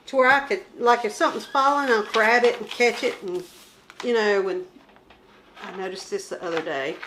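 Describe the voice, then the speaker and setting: A woman's voice: medium pitch, noisy background. A woman chatting casually as she shows her craft kit, rambling and joking about herself. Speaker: crafting vlogger. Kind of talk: casual show-and-tell chat.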